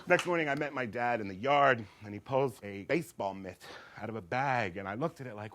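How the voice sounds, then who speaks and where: A man doing comedic storytelling, campy and animated, acting out voices. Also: medium pitch, brisk.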